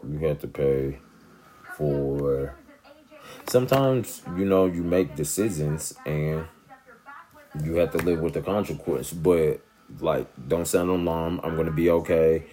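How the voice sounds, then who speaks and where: Very deep, slow-talking man vlogging. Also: warm tone. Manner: laid-back, rambling, keeps asking "you know what I'm saying". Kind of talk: casual talk to camera.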